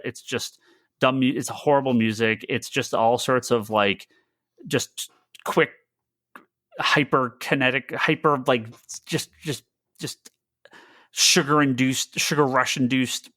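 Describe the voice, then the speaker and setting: A man co-hosting a casual podcast chat, rambling and restarting his sentences with excitement. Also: mid-range voice, a little slow, dry recording, clean studio sound. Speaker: podcast co-host.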